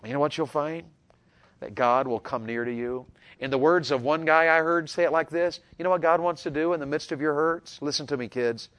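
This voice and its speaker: A middle-aged man, preaching a sermon to young people in an earnest voice that swings from loud urging to hushed tenderness. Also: a little high, brisk. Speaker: pastor.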